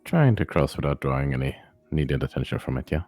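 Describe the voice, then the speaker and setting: A man's voice: extremely low pitch, lively intonation, a little fast, a little mellow, faint music behind. A man playing a tabletop game, describing his moves in a laid-back, matter-of-fact way. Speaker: player. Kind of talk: casual tabletop play.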